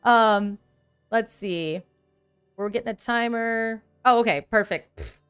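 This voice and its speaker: A woman hosts a relaxed livestream, talking animatedly and reading out comments from her chat. Her voice sits a little high and sounds smooth and clear. Faint music plays underneath. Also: slow pace. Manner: animated, chatty, reads chat aloud, laughs often. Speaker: livestream host.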